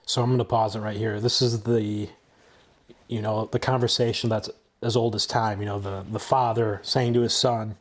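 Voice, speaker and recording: A man in his twenties, the host of a channel, giving a blunt, opinionated and somewhat halting casual film review. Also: fairly low pitch, flat delivery.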